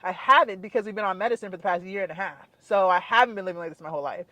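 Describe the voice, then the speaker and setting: Young woman vlogger, mid-pitch, dry close sound, animated and frustrated storytime rant. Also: racing, no room sound. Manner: frustrated, animated, says "like" constantly. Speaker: fitness and wellness vlogger. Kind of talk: casual storytime rant to camera.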